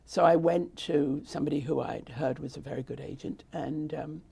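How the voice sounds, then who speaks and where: A woman's voice: sits low, moderate pace, vocal fry, dark tone, slightly rough. An older woman with a British accent, telling her story in a rambling, conversational way during an interview. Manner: rambling, with frequent restarts and asides. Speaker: interviewee, theatre founder.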